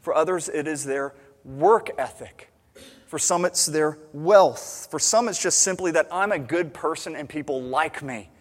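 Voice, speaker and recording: A man preaching a sermon as a pastor, emphatic, swinging between loud urgency and quiet intimacy. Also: fairly high pitch, a little slow. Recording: long hall reverb.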